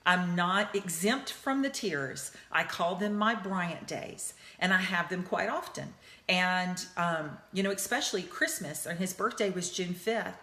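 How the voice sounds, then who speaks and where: A woman's voice: fairly low pitch, fairly bright tone. A middle-aged woman hosting a live talk from her office, speaking earnestly and personally about grief and healing. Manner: earnest, personal, checks in with listeners. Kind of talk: heartfelt motivational live talk. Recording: roomy echoing office.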